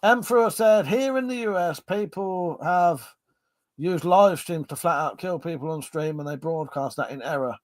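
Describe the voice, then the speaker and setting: An English man with a fairly high voice hosts a relaxed late-night livestream over a drink. He reads viewers' messages aloud and answers them with jokes, laughter and easy swearing, often repeating his agreement. The sound is dry and close. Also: normal speed, no echo. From Buckinghamshire, England. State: having a drink. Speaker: livestream host. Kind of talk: casual live-stream chat, reading viewer comments aloud.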